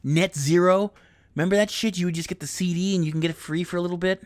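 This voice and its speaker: A man's voice: high-pitched, steady tone, quick pace, dry recording. A man in his thirties, a podcast host rambling through a profane comedic monologue and laughing at his own jokes. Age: 30s.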